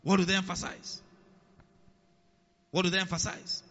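Bright, piercing pastor preaching in a hall. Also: male voice, high voice, level tone, normal speed. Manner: keeps checking in with the congregation, repeats key lines; swings between loud emphasis and quiet asides. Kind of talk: sermon. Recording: long hall reverb, dull lo-fi sound.

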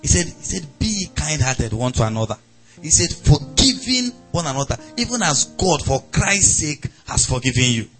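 A man with a Nigerian accent preaching a sermon, animated and acting out quoted voices. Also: on the high side, moderate pace, soft background music. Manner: animated preaching, acts out angry voices, laughs. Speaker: pastor.

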